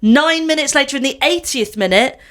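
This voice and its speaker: Woman podcast host rattling off stories, chatty and animated, casual talk. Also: high voice. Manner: chatty storyteller, quick and animated. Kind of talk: casual chat.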